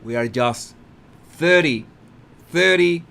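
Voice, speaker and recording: Animated, high-voiced male commentator. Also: takes it slowly, creaky, clear, resonant tone. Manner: animated and emphatic, repeats words, laughs at his own points. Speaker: host of a commentary channel. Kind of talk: video commentary on a talk-show clip.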